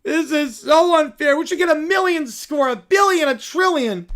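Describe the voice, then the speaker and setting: A man's voice: very high-pitched, a bit bright, voice pushed up. A man doing a whiny, bossy little kid. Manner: whiny, complaining, drawn-out. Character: whiny, bossy young child making pizza. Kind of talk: reading an AI-written skit aloud.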